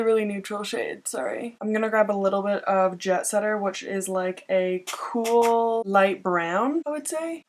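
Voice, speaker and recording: A young woman talking through a makeup tutorial in a chatty, self-mocking way. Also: medium pitch. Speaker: beauty vlogger.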